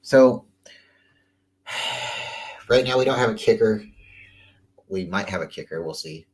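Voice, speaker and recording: A man's voice: fairly low pitch, expressive, slow, husky, rough recording. A man hosting a casual football talk show, loose and chatty, often repeating words and trailing off mid-thought. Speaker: sports talk host. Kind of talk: casual sports commentary.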